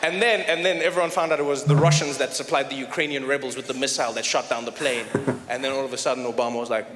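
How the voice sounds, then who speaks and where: A man doing live stand-up comedy, talking playfully and making quick asides to the crowd. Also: medium pitch, steady tone, a bit bright. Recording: echoey hall with background noise.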